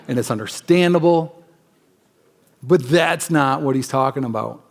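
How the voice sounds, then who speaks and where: A man preaching a sermon as pastor in a church, conversational and emphatic, acting out quick asides in other voices. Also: on the high side, darkish tone. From United States. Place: church sanctuary.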